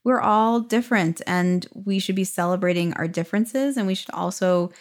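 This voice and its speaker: A woman's voice: medium pitch, moderate pace. A woman in her thirties co-hosting a podcast, agreeing and supportive in casual chat. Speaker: podcast co-host.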